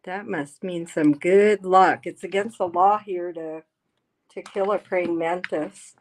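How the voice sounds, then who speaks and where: A woman's voice: on the low side, slow pace. A woman hosting a casual livestream, reading the chat aloud and talking bluntly with plenty of swearing. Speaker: livestream host. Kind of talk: casual live-stream chat. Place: home.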